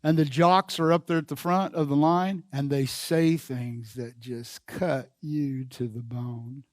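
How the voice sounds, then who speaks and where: A man's voice: medium pitch, steady tone, measured pace, no room sound, clean studio sound. A man preaching a sermon as pastor, telling a personal story and calling the congregation to repeat his phrases. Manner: call-and-response preaching, repeats phrases, builds in force. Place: church sanctuary.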